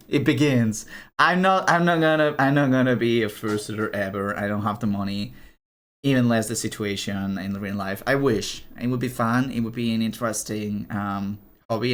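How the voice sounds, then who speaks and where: Chatty young man streaming live. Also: lowish voice. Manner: chatty and animated, swearing and laughing, showing items to camera. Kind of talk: casual live-stream chat.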